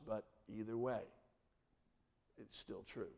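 Male pastor, middle-aged, mid-pitched warm voice, earnest sermon delivery that sinks to a hush for emphasis. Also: moderate pace. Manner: earnest preaching with dramatic soft drops.

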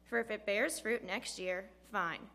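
A woman reads scripture aloud in a steady, measured way, her voice at a middle pitch. Her words ring out with a long reverb in the church. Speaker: scripture reader.

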